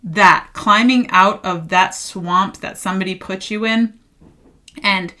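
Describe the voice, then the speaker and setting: A woman's voice: mid-range voice, steady tone, slow pace, pushed and bright. A woman reading tarot cards for her viewers in a loose, chatty way. She talks emphatically, circles back to repeat her phrases and laughs often as she goes. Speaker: tarot card reader.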